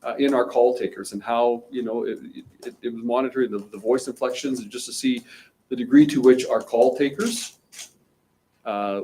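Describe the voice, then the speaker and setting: A man speaking as mayor at a press conference, measured and often restarting his phrases. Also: medium pitch, warm tone, poor audio. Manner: measured, restarts and repeats words.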